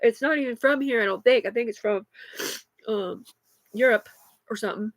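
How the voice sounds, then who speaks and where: A livestreaming woman, probably in her thirties, speaks at a moderate pace in a voice on the high side. Talking into her phone without a script, she rambles agitatedly and swears heavily, with no room sound.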